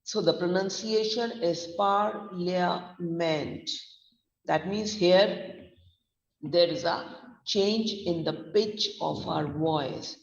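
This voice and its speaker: A woman pronunciation trainer with an Indian English accent, teaching slowly and deliberately, spelling out letters and mixing in Hindi. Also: fairly low pitch. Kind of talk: recorded online lesson. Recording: echoey, distant, dull lo-fi sound.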